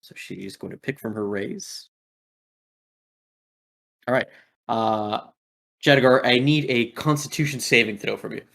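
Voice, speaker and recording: A man running a tabletop game, narrating combat in a relaxed, rambling way. His pitch sits in an ordinary middle range, and he stops often for filler words. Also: unhurried, vocal fry, long pauses. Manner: laid-back, full of filler words. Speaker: game master.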